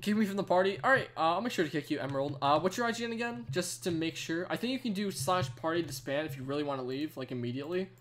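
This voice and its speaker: A man's voice: fairly high pitch, fast talker, hardly any pauses, a bit bright. A young man streaming a game live, out of breath and chatting in a rambling way full of "like". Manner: rambling, chatty, says "like" a lot. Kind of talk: casual live stream chat.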